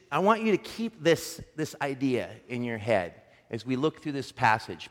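A man in his thirties preaching a sermon as pastor, telling a story with animated, self-deprecating humor. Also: a little high. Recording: long hall reverb.

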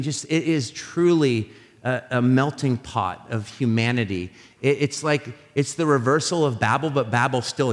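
A man preaching a sermon as a pastor, telling animated, jokey stories with many restarts. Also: medium pitch. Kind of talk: sermon with storytelling. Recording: live sermon in a reverberant hall.

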